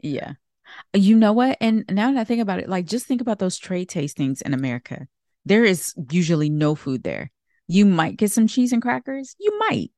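A woman's voice: mid-range voice, very animated, normal speed, mellow, no echo, clean studio sound. A woman hosting a podcast in a casual, chatty way, asking questions and laughing easily. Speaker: podcast host.

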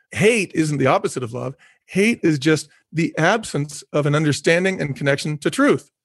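A man's voice: on the high side, dry recording, studio quality. A middle-aged man talking earnestly in a reflective conversation, repeating phrases for emphasis and laughing easily. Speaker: guest, former company executive.

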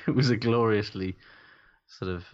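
A man's voice: lowish voice, fairly even intonation, a little slow. A man co-hosting a casual sports chat, laughing often and swearing freely. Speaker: podcast co-host. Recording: dull lo-fi sound.

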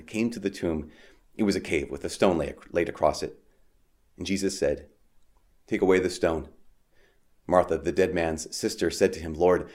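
Guy with a lowish voice, priest reading the gospel slow and solemn then chatting loosely in his homily.

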